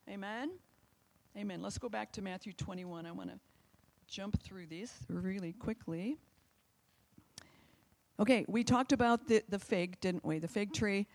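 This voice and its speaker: A woman's voice: medium pitch, animated, moderate pace. A woman preaching a live sermon to a church, conversational and fervent, often turning to the congregation with questions. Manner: fervent, urgent emphasis. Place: church service, also streamed online.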